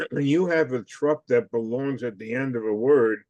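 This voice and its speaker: A man's voice: mid-range voice, moderate pace, darkish tone, no room sound, dull audio. A man in a study class asking persistent questions and pressing his point. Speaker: class participant.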